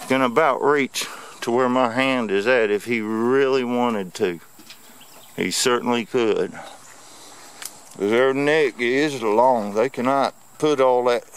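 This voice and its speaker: Slow-drawling man taunting outdoors. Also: mid-range voice, slight background noise. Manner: playful, taunting, sing-song. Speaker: vlogger. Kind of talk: casual teasing commentary. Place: outdoors in a yard. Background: insects and crickets.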